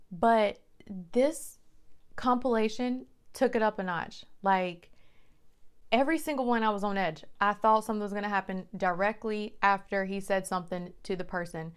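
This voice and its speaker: A woman hosts a casual reaction video, talking at an ordinary middle pitch. Her voice is smooth and clear, and she often breaks into surprised exclamations as she comments.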